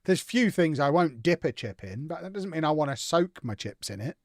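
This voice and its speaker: A man's voice: a little high, sing-song, brisk, no echo, clean studio sound. A young man hosting a casual live gaming stream, reading out chat and answering it with playful, teasing banter.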